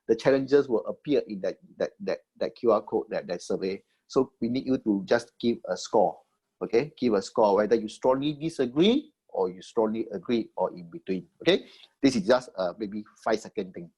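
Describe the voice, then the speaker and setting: A man's voice: mid-range voice, mellow, breathy edge. A man with a Singaporean English accent gives a webinar slide presentation for a government agency. He explains each step and checks in with "okay?", with many fillers and repeated words.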